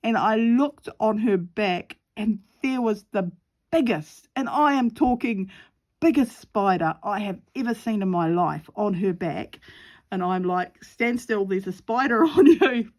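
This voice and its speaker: A woman's voice: medium pitch, measured pace, a little mellow. A middle-aged woman chatting casually while she sews, laughing often and acting out the voices in her story. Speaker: craft vlogger.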